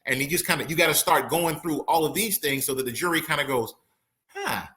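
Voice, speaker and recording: A man's voice: fairly high pitch, fast, bright, forceful tone. A man, an attorney and guest, analyzing a trial in casual conversation, acting out courtroom quotes with slangy asides. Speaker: criminal and appellate attorney, guest. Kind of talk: casual legal analysis chat.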